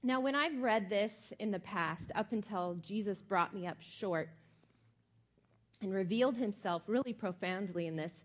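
A woman's voice: medium pitch, normal speed. A middle-aged woman pastor giving a sermon in a conversational, emphatic way with many fillers.

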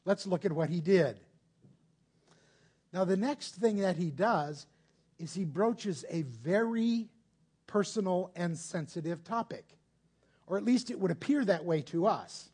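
Guy preaching a sermon, kinda husky, higher voice, explains slow and patient and asks the room questions. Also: lively intonation, darkish tone. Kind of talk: conversational sermon.

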